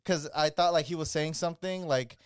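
Man, podcast co-host, slangy animated storyteller, fairly high voice, dry sound. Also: brisk, clean tone, no room sound. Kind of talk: casual storytelling chat.

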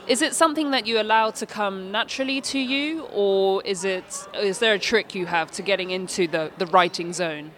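An interviewer with a mid-range voice asks careful, polite questions at a measured pace. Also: mid-range voice, fairly bright tone. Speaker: podcast interviewer.

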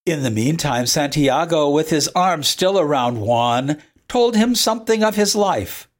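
Slow, expressive storybook reader. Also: medium pitch. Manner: slow, expressive reading of a classic tale. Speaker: narrator. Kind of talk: storybook reading.

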